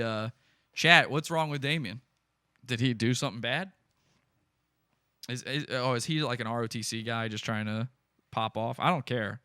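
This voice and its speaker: A man's voice: mid-range voice, sharp tone, smooth, dry recording, studio quality. A man hosting a podcast, giving gleeful, mocking live commentary on stream footage and breaking into laughter. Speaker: podcast host.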